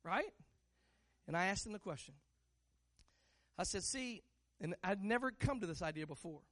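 A pastor preaching a sermon, moving from hushed asides to loud, drawn-out declarations and teasing the congregation with rhetorical questions. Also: medium pitch, lively intonation. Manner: stretches key words slowly for emphasis.

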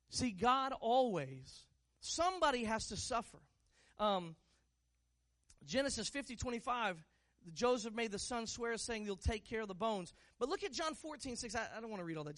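A pastor preaching a sermon, moving from hushed asides to loud, drawn-out declarations and teasing the congregation with rhetorical questions. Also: mid-range voice. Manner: stretches key words slowly for emphasis.

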